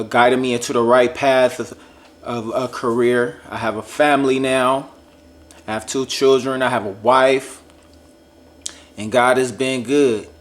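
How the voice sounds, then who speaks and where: A man vlogging a personal testimony, telling a lively, jokey story straight to his viewers and acting out other people's lines. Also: medium pitch. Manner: addresses viewers directly and casually. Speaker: vlogger sharing a faith testimony.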